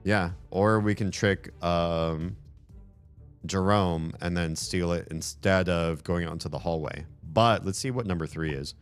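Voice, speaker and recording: A man with a voice that is going hoarse gives casual, rambling gameplay commentary and swears freely. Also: low voice, a little slow, faint music behind. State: losing his voice. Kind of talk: casual let's-play commentary.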